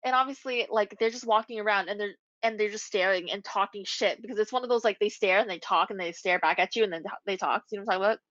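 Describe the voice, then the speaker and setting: A young adult woman, a podcast co-host, telling a story in casual chat with animated, swearing delivery. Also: mid-range voice, fast talker, hardly any pauses, no echo. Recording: dull lo-fi recording.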